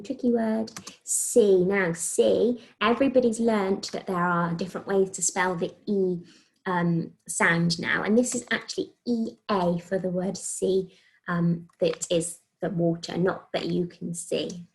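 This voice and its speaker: Primary teacher, woman, slightly gravelly, patient sing-song phonics delivery, stretched syllables. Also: medium pitch, steady tone, a little mellow, poor audio. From England. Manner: slow, sing-song, sounding out letters and words. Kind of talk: remote phonics writing lesson for young children.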